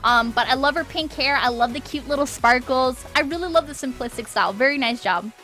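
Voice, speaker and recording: Woman streamer critiquing fan art live, high bright voice, keeps saying okay?, repeats stuff for emphasis. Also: brisk, soft background music. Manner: encouraging, checks in with "okay?" often.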